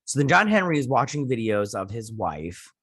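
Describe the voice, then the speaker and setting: A man talks through a TV episode in a loose, rambling recap, full of "uh" and "he's like" as he acts out lines. His voice sits at a middle pitch, and the sound is dry and close with no room echo. At times he turns blunt and heated about the characters. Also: big pitch swings, moderate pace, fairly bright tone. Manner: rambling retelling with many fillers and acted-out quotes. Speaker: host. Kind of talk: casual episode recap and review.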